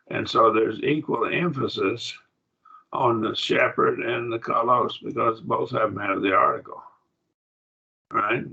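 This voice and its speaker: Man, classroom teacher, gravelly, bright tone, dull lo-fi recording. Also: fairly low pitch. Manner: patient, repeats words while explaining. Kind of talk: classroom grammar lecture.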